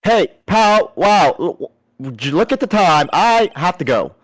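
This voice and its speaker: A man voicing a bumbling, loyal male police detective who stammers and talks in an excitable, folksy way. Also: sits high, measured pace, exaggerated voice. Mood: flustered.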